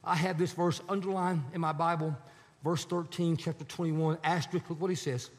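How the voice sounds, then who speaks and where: A man's voice: on the high side, level tone, brisk. A male pastor preaching a sermon, telling a story and acting out the quotes. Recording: preached in a reverberant hall.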